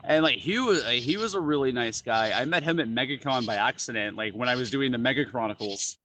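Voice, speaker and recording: A man's voice: medium pitch, brisk, rough recording. Guy telling stories in a casual chat, says like and dude a lot, faint hiss behind. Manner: animated storyteller, lots of "like" and "dude".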